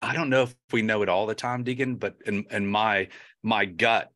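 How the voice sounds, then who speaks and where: Bright-voiced chatty male host. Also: lowish voice, fairly even intonation, normal speed. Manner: chatty, thinks aloud with many restarts. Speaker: podcast host. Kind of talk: casual interview chat.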